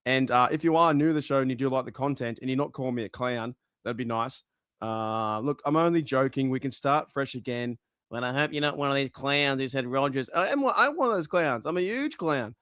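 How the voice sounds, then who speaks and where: A chatty man from Australia hosts a live fan stream with an excitable, loose delivery. His voice sits at an ordinary pitch and is recorded dry and close, with no room sound. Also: brisk, no room sound. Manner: chatty and excitable, swears casually. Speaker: fan channel host. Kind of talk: casual live-stream chat.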